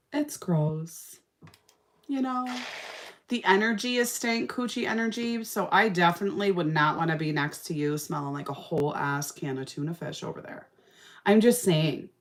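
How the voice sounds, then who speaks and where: A woman's voice: lowish voice, moderate pace. A young woman talking casually and sassily while doing her makeup, telling a story with lots of feeling. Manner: sassy, animated storytelling. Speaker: makeup vlogger. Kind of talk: casual makeup-tutorial chat.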